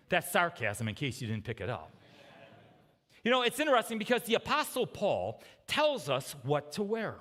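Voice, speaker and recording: A man preaching a sermon in a conversational way, checking in with the congregation with quick "okay?" and "right?" asides. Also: sits high, huge pitch swings, a bit bright, long reverb tail. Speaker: pastor. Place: church sanctuary.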